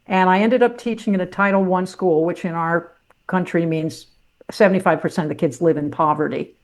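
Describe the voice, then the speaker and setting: A woman's voice: lowish voice, steady tone, fairly quick. An older woman, a former sportscaster turned teacher, telling her life story as a podcast guest in a blunt, salty, self-mocking way. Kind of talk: candid personal storytelling.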